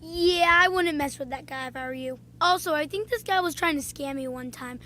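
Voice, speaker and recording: A woman talking casually in a vlog, telling playful stories with frequent pauses and "um"s. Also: sits high, pushed and bright. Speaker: video creator.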